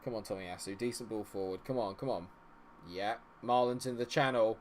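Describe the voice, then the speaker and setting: A man giving live commentary on a football management game, chatting with viewers and reacting loudly to the match. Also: on the low side, brisk. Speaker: streamer.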